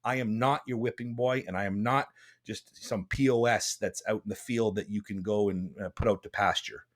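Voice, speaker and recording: A man's voice: fairly low pitch, steady tone, normal speed. Man, podcast host, blunt, rambling, passionate, studio mic. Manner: blunt, impassioned, rambling with restarts. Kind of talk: casual podcast chat.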